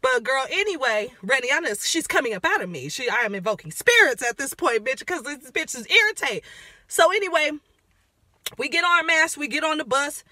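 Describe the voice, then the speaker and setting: A woman giving a sassy, profane rant recapping a reality show, throwing in dramatic asides and sometimes dropping her voice low and quiet. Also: big pitch swings, brisk, no echo, studio quality. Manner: drops voice low and quiet at times. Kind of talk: ranting recap commentary.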